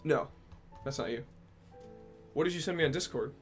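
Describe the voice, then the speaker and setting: A young man with a slightly high voice talks casually on a livestream. He answers chat, jokes and swears freely, and bursts out loudly at times. Faint music plays behind him. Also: normal speed. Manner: joking and profane, with sudden loud outbursts. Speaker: streamer.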